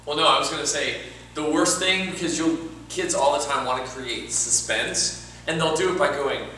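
A man co-teaching an improv workshop, emphatic and quick to act out examples. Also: fairly high pitch, bright, forceful tone, slight background noise. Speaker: improv coach. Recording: echoey room, far from mic.

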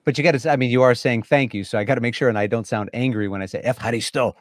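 A man's voice: medium pitch, very fast, no room sound, clean studio sound. A man hosting a live stream, chatting with a guest in an effusive, enthusiastic way. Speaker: host. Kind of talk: casual live-stream chat.

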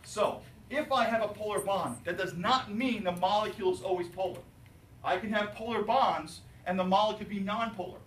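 Animated high-voiced male chemistry teacher. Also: a little fast, slight background noise. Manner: animated, jokey, asks students questions. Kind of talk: classroom lecture. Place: classroom. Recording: roomy, distant classroom recording.

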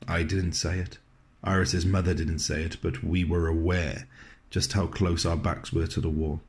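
A man performing a scripted dramatic monologue, telling his story in a gentle, wry way with low, soft passages. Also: flat delivery, normal speed.

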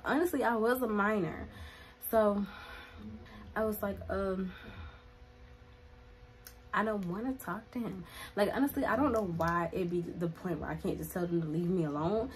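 A young woman in a storytime vlog, retelling events in a chatty, dramatic way with many "like" fillers. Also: mid-range voice. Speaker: vlogger.

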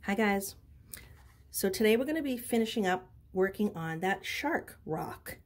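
A woman's voice: medium pitch, lively intonation, measured pace. Woman demonstrating rock painting. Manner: casual, narrates each step as she works. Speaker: art teacher. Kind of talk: craft demonstration.

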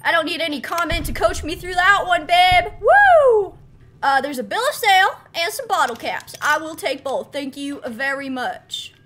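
A woman's voice: high-pitched, expressive, moderate pace, few pauses, sharp tone, a little hiss or hum. A woman hosting a game playthrough, playful and goofy in her commentary. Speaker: gaming video host. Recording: voice over game music.

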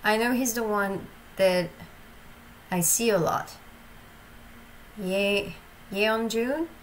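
A woman's voice: mid-range voice, extremely slow, slight background noise, rough recording. A woman hosting a reaction video, talking casually with hesitant ums and gushing, emotional remarks.

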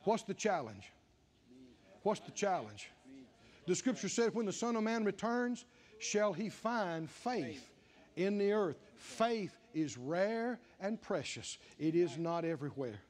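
A man with a strikingly high voice preaches a sermon, his pitch leaping up and down as he builds. He keeps repeating phrases and calling on the congregation to respond. He comes across as a pastor in full flow. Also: sing-song, slow, darkish tone. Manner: call-and-response preaching, repeating lines with rising emphasis. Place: church sanctuary with congregation.

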